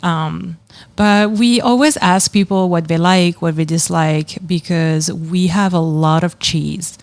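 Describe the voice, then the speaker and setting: French-accented woman with a gravelly low voice. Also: fairly even intonation, slow pace, no echo. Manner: explanatory, laughs easily. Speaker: cheese shop owner, guest. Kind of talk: casual podcast interview.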